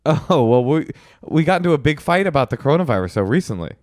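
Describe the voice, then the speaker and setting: A man's voice: a little high, very animated, quick pace, darkish tone, dry recording, clean studio sound. A man co-hosting a relationship podcast in casual, teasing, argumentative banter. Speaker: podcast co-host.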